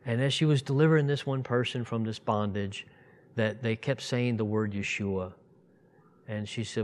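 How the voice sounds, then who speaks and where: A man's voice: medium pitch, fairly even intonation, normal speed, a little mellow. Emphatic man in his fifties preaching. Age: 50s. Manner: conversational, digressive, rising to emphatic outbursts. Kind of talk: informal sermon.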